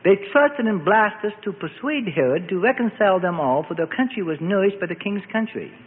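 A man's voice: sits high, animated, a little fast. A man reading a biblical story aloud as dramatic scripted narration. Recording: phone-like band with long reverb and faint noise.

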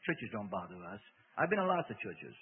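A man's voice: lowish voice, big pitch swings, brisk, husky, pitched below the performer's own voice, heavily acted. A man voicing a smug, resigned male demon, talking matter-of-factly and relishing trouble. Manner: matter-of-fact, smugly relishing. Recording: tinny radio broadcast with long hall reverb.

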